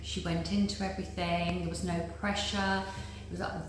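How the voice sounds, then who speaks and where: A woman's voice: lowish voice, flat delivery, normal speed. A middle-aged woman giving an earnest, chatty patient testimonial, repeating words like "very, very". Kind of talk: casual interview testimonial. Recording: very echoey room with faint noise.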